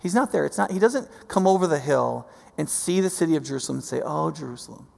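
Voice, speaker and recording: A man preaching a sermon, animated, swinging from soft to loud and often repeating himself. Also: on the high side, fast talker. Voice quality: gravelly. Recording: long hall reverb.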